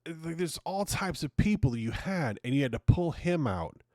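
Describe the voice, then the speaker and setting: A man's voice: fairly high pitch, expressive, normal speed, darkish tone, no echo, studio quality. A man hosting his own podcast, ranting casually and swearing often in an exasperated way. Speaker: podcast host. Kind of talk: casual opinion monologue.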